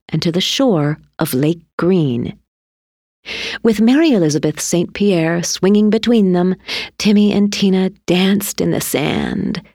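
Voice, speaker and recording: A woman reading a children's story aloud with expressive delivery. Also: dry recording, studio quality. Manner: slow and highly animated.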